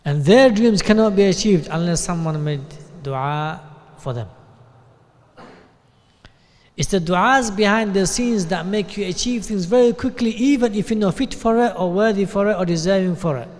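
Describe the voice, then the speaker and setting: A man with a British accent giving a sermon at a mosque, talking conversationally and often checking in with a quick "yeah?". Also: sits high, a little mellow. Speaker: sheikh giving a talk. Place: mosque hall. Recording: long hall reverb.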